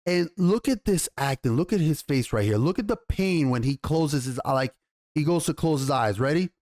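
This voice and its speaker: A man giving a casual episode review, rambling and excitable, blunt and quick to swear. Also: on the high side. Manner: rambling, excitable, acts out lines.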